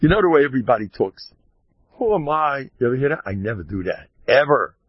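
This rabbi's medium-pitched, breathy voice is very animated and fast, with no echo on a dull lo-fi recording. His informal Torah talk wanders through self-interrupting asides, mixing wry, mock-boastful sarcasm with Hebrew and Yiddish terms.

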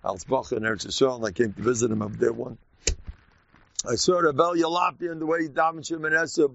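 A man with an American accent, a rabbi giving an informal, animated Purim talk full of stories and sudden shouts. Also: fairly high pitch, fairly quick, gravelly, dry recording, lo-fi sound.

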